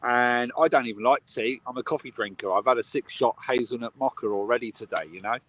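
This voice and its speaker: A man's voice: medium pitch, quick pace, fairly bright tone, a little hiss or hum. A man, a medium, telling a funny family story in casual chat on a live video call. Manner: chatty, laughs at his own stories. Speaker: medium, co-host.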